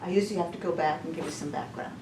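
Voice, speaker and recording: A woman's voice: sits low, very fast, a little mellow. Lady telling a church testimony, lots of restarts, echoey room, far from the mic, noisy. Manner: chatty, stumbling restarts, laughs often. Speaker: women's session speaker. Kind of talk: informal testimony talk. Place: church hall.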